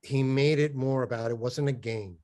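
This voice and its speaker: Brief: man on a video call, mid-pitched voice, hesitant and repetitive, mimics his old coach. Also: fairly even intonation, normal speed, dark tone. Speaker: podcast guest, former college basketball player. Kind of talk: casual storytelling on a video call.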